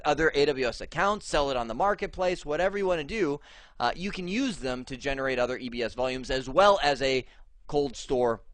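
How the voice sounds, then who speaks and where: A man's voice: fairly high pitch, fairly bright tone, dry recording. A man teaching a cloud computing lesson in a casual, chatty way, with many fillers and restarts. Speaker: instructor. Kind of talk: screen-share tech lesson.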